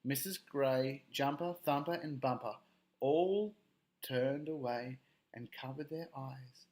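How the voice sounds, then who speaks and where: A man reading a children's story aloud in an expressive, playful way. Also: medium pitch, takes it slowly.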